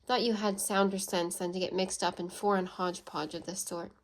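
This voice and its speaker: A woman voicing a blunt, proud and sarcastic English gentleman in a storybook reading, with a scolding manner. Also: fairly low pitch, fairly even intonation, fairly quick, a little hiss or hum, close to an everyday voice.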